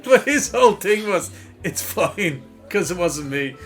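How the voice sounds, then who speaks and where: A young Irish man from Dublin, co-hosting a podcast and telling a sweary, animated story in casual chat. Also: high-pitched, a little slow, faint music behind. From Ireland. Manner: sweary, animated anecdote teller. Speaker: podcast co-host.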